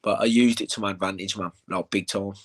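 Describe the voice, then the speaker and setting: A young man in a casual interview, telling animated stories with plenty of swearing and "mate.". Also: on the low side, fast talker. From England. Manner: animated storytelling, swears, says "mate" a lot. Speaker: bare-knuckle fighter, interview guest.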